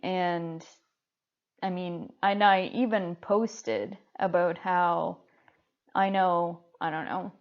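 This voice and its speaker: A woman's voice: fairly low pitch, fairly even intonation. Earnest woman co-host, muffled recording. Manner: earnest, halting phrasing. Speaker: podcast co-host. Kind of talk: casual conversation.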